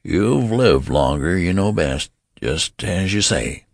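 A man's voice: lowish voice, wildly swooping pitch, normal speed, vocal fry, dry recording, clean studio sound, voice pushed up, full character voice. A man voicing a cranky, mocking old man in a story reading, in a querulous, complaining way. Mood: grumbling. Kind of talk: audiobook character voice.

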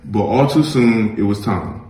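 Man reading a children's story aloud, low voice, gentle and measured, roomy echoey room. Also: very animated. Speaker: reader.

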